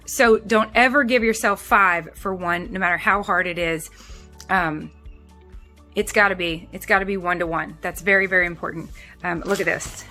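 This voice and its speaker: A woman's voice: medium pitch, sharp tone. A woman talking straight to her viewers in a casual vlog, chatty and rambling, restarting sentences often. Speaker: vlogger.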